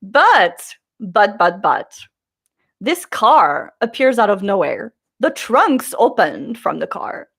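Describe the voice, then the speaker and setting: A woman vlogger telling a story in a chatty, animated way, acting out the people she quotes. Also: medium pitch, slow, gravelly, husky.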